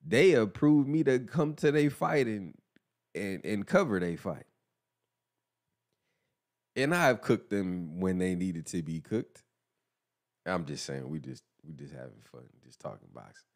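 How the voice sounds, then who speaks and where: Animated, mocking male podcast host. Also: low voice, measured pace, long pauses. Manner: animated and mocking, laughs often. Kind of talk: casual boxing commentary.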